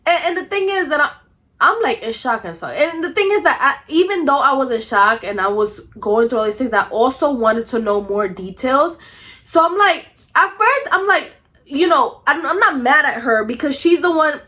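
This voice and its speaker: A young woman telling a storytime in a casual vlog, talking in an animated, blunt way, swearing freely and coughing now and then. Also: high voice, normal speed. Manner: coughs often between phrases.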